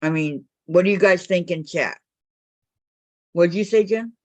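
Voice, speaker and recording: A woman's voice: fairly low pitch, a little slow, darkish tone, no room sound, muffled recording. An older woman hosting a quilting live stream on a video call, chatting casually, teasing her guests and reading viewer comments aloud.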